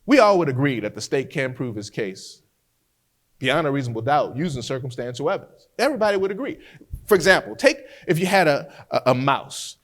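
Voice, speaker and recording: A man teaching trial skills as a defense lawyer, an animated storyteller who often repeats words as he restarts a thought. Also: medium pitch, a little fast. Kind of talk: lecture with courtroom storytelling.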